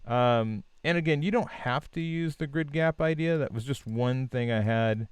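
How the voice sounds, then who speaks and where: A man with a smooth, clear voice talks through design feedback on a live stream, loose and encouraging, full of "um"s and restarts. The sound is dry and close to the mic. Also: mid-range voice, normal speed, dry recording. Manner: relaxed, many fillers and restarts, encouraging. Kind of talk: casual live-stream critique.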